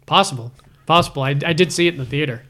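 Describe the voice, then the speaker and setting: A man with a bright, forceful, slightly high voice, talking movies with friends. He is chatty and keen, and he slips into quoted film lines as he goes. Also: very fast. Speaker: podcast co-host. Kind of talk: casual movie chat.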